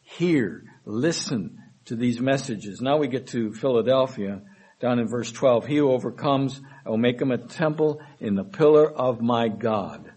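A man preaching a sermon. He reads scripture verses aloud with emphasis and then explains them in a measured way. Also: medium pitch, darkish tone, husky, rough recording. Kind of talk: sermon, Bible study reading.

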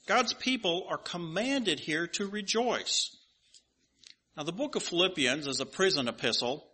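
High, bright-voiced man preaching. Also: breathy edge. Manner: emphatic, uneven pace, asks rhetorical questions. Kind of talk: sermon with scripture reading.

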